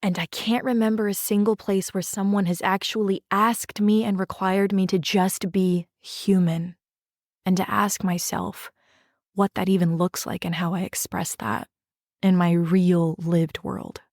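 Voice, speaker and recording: A woman speaks as a podcast host, telling a personal story gently and earnestly. She guides the listener through breathing and reflection and often asks "right?". Her voice sits mid-range and sounds close and dry. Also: medium pitch, little pitch movement, unhurried, no echo. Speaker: podcast host and drama therapist.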